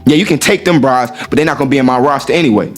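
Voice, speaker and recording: A man's voice: medium pitch, very fast, faint music behind. A man in a casual monologue to his viewers, brash, profane and swaggering, who acts out what others said. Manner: acts out quoted women in raised voice. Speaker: dating talk host.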